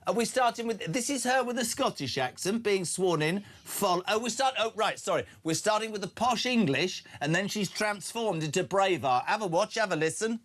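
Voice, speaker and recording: A man hosting a live breakfast talk radio show, excitable and chummy, laughing often. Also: high-pitched, normal speed, hardly any pauses.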